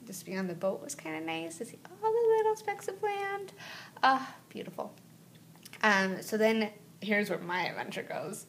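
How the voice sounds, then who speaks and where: A woman's voice: on the high side, normal speed, vocal fry, a little hiss or hum. Chatty woman vlogger telling a story. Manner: chatty, animated, full of "like" and "right?". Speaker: travel vlogger. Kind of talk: casual storytelling to camera.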